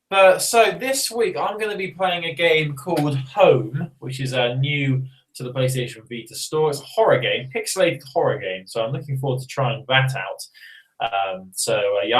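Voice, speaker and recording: A chatty man co-hosting a podcast, rambling from one joke to the next. His voice sits a little high and swings widely up and down as he talks. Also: lively intonation, normal speed, poor audio. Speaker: podcast co-host. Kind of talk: casual podcast chat.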